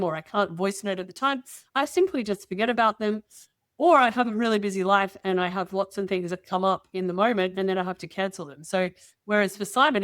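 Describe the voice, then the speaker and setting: A middle-aged woman guest telling personal stories in casual conversation, lively and acting out dialogue with quoted voices. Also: mid-range voice, no room sound, clean studio sound. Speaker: interview guest.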